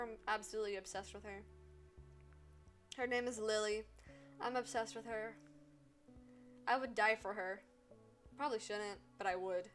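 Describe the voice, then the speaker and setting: A woman streamer chatting casually while playing a game, rambling and gushing with casual swearing. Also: on the high side. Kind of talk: casual let's-play chat.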